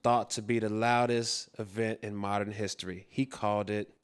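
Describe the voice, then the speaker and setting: A man acting as guest clue-giver on a live quiz show, laid-back and quick to laugh. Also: lowish voice, little pitch movement, clean tone. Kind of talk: joking live game show banter.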